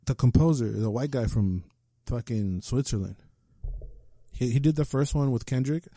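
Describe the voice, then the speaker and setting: Man, casual movie talk, warm dark voice, dry close sound, relaxed, curses a lot. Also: mid-range voice, moderate pace, dry recording. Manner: laid-back, swearing, mixes in Spanish slang. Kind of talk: casual film chat.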